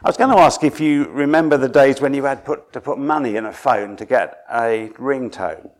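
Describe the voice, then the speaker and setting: A man from Suffolk in England, preaching a sermon in a dramatic storytelling way that drops to a hush and then rises for emphasis. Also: mid-range voice, moderate pace.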